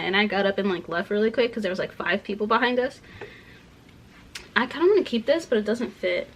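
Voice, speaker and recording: A young woman rambling through a casual rant at home while packing, full of "like" fillers, dipping into soft asides. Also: mid-range voice, brisk, a little hiss or hum, low-quality recording. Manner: rambling, heavy use of "like" fillers; drops to soft asides about clothes. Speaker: vlogger.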